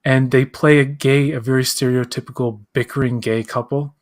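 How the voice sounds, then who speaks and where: A man's voice: mid-range voice, steady tone, moderate pace. A man co-hosting a live pop-culture chat, rambling, acting out quotes and searching aloud for names. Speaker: co-host. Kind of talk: casual chat.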